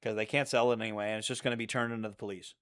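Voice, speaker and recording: A man's voice: on the low side, flat delivery, racing, a bit bright. A man telling rambling, profane stories in a casual monologue, often repeating himself. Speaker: channel host.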